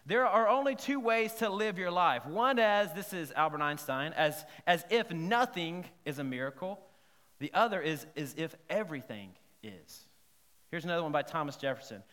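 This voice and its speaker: A man preaching a sermon in a church, lively and conversational, often checking in with the congregation. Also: on the high side, moderate pace. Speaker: pastor. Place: church sanctuary. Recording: long hall reverb.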